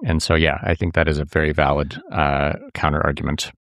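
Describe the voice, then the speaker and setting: A man, a reporter, talking in an interview in an earnest, halting way, often restarting his sentences. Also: extremely low pitch, flat delivery, fairly bright tone, no echo, studio quality. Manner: earnest, halting, with frequent restarts and filler words. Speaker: reporter and podcast co-host, interview guest. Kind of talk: conversational interview.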